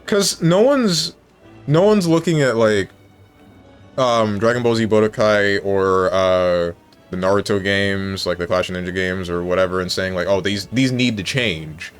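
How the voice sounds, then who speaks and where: A man talks casually on his live stream in a somewhat low voice, working through his thoughts aloud and correcting himself as he goes. Faint music plays softly behind him. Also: a little slow, clear, resonant tone. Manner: thinking aloud, musing and self-correcting.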